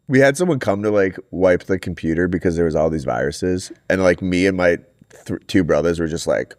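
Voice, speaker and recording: A man's voice: low-pitched, moderate pace, dry recording, studio quality. A young man co-hosting a podcast, telling jokey stories in casual chat. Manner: joking, lively storytelling. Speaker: podcast co-host.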